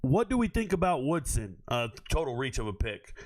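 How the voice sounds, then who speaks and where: A man's voice: medium pitch, very animated, normal speed. A man hosting a live stream, ranting at his chat in a brash, profane, confrontational way.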